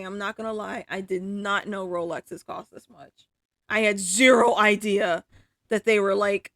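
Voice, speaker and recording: A woman's voice: mid-range voice, fairly bright tone, no echo. A woman chatting casually on a livestream, swearing freely and exclaiming in disbelief. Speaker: livestreaming artist.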